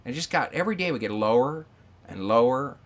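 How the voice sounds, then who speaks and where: A man in casual podcast chat, swearing often and telling animated stories with quoted voices. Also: mid-range voice, fast. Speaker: podcast guest.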